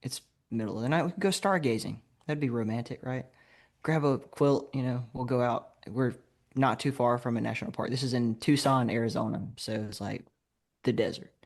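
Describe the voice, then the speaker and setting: Male podcast guest, grew up in Alabama, mid-range voice, spins an anecdote with lively laughs. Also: mid-range voice, a little fast, gravelly. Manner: lively anecdote telling, laughs while talking. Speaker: podcast guest, game designer. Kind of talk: casual conversational storytelling.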